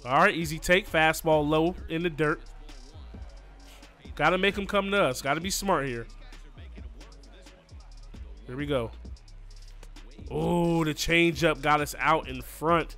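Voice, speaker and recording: Excitable man calling gameplay. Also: fairly high pitch, slow pace, long pauses, soft background music. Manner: excitable, cheers on his players, says "you know what I mean". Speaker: gaming YouTuber. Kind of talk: live play-by-play gameplay commentary.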